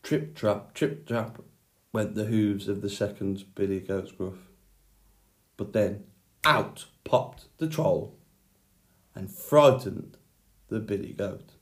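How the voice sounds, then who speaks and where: A male teacher reading a children's story aloud and then giving a handwriting lesson, clear and expressive. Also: on the low side, takes it slowly, long pauses.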